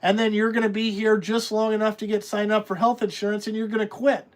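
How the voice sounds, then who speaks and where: A man's voice: high-pitched, level tone, fast. A man who runs a trucking business, talking in a blunt, rambling way and swearing freely in casual podcast conversation. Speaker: trucking company owner.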